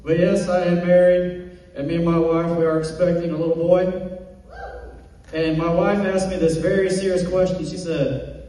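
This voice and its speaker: A man's voice: a little high, little pitch movement, moderate pace, dark tone. A man doing a stand-up comedy set on stage, telling self-deprecating jokes and acting out quotes. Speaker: stand-up comic. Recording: distant echoey hall recording.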